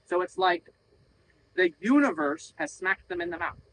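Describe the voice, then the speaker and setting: While riding through a training session, a man who trains horses gives blunt, profane coaching and acts out voices to explain things. His voice sits high and sounds expressive and a bit bright at a normal pace. The low-quality recording has slight background noise.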